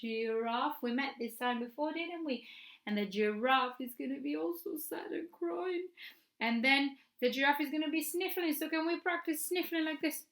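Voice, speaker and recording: A woman's voice: high voice, moderate pace, fairly bright tone. A woman presenting a children's story time, teaching signs for the story in a playful, encouraging, sing-song way.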